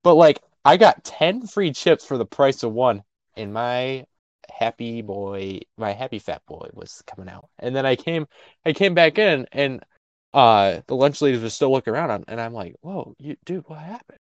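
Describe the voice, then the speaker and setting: A young man co-hosting a podcast, telling a school story in casual chat, animated and laughing. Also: medium pitch, normal speed, no room sound, highs cut off. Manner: animated, laughing, swings loud and quiet. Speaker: podcast co-host.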